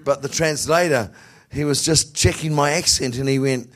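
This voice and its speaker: Husky high-voiced man preaching animatedly. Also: moderate pace. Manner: animated, laughing often, repeating words, rising to shouts. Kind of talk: sermon.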